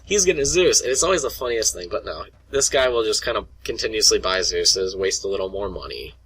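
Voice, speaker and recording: A man's voice: lowish voice, expressive, fast talker, a bit bright, husky. A young man rambling casually to his viewers about annoying players, full of fillers, restarts and mock voices. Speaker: gaming vlogger. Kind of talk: casual rant to camera.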